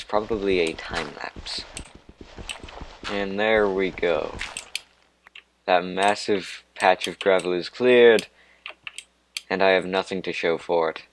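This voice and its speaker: A man's voice: sits low, slight background noise. A man giving rambling, self-mocking commentary over his own gameplay. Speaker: let's play host.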